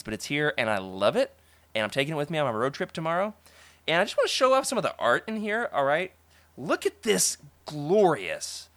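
A man's voice: mid-range voice, dry recording. Podcast host, man, upbeat and chatty, dry close sound. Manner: enthusiastic, animated, laughs often. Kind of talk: casual podcast chat.

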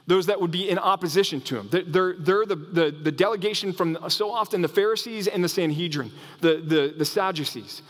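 A pastor with a fairly high voice delivers a lively sermon, stumbling over and restarting his phrases as he goes. His words ring out with a long reverb, as if in a big church sanctuary. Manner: animated, acts out quoted voices, frequent restarts.

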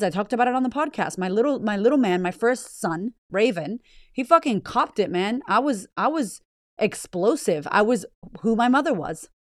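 A woman's voice: mid-range voice, no room sound, studio quality. A woman hosting a motivational podcast, talking bluntly and emphatically with lots of swearing and repeated phrases. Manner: blunt, heavily profane, emphatic and raw. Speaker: podcast host and business owner.

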